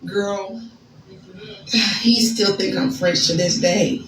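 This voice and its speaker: An American woman telling a casual story in an animated, slangy, chatty way. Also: mid-range voice, slow pace, echoey room, over music, low-quality recording. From United States. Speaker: storyteller in a social media clip.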